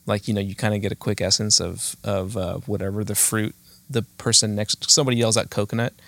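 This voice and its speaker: A man's voice: fairly low pitch, steady tone, brisk, vocal fry, fairly bright tone, dry recording. A man in his thirties hosting a podcast, chatting casually in a rambling, self-mocking way full of fillers. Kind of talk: casual chat.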